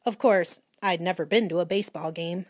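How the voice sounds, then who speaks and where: A woman narrating a children's storybook aloud in a clear, steady reading voice. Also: fairly low pitch, brisk, no echo, studio quality. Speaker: audiobook reader.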